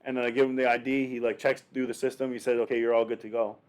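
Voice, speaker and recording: A young man with a mid-range voice co-hosts a casual podcast. He tells stories in a lively way, swears a lot, and acts out people shouting. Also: medium pitch, rapid-fire. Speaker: podcast co-host. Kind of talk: casual chat.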